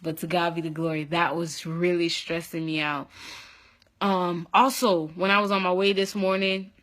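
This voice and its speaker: A young adult woman telling her own story in a casual vlog, expressive, with loud whoops and animated retelling. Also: on the low side, normal speed. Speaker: vlogger.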